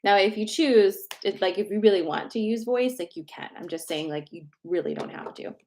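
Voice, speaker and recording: A woman's voice: mid-range voice, a little fast, darkish tone. A woman in her thirties, host of a casual spiritual livestream, giving chatty, reassuring card messages with the odd swear word.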